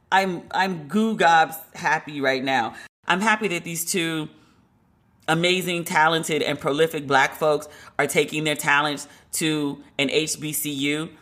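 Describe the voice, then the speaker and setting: A woman podcast host giving a casual, animated commentary monologue, laughing and emphatic as she talks. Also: low voice.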